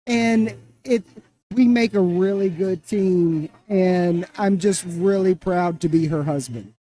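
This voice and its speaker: Slow, mellow-voiced earnest man. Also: sits high. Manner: earnest, halting, repeats phrases. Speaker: interview guest. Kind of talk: casual interview.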